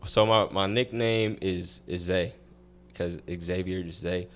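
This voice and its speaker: Deep-voiced young man telling stories. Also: slow pace, slight background noise. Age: young adult. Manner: relaxed, rambling storytelling with many restarts. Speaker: guest athlete. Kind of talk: casual interview chat.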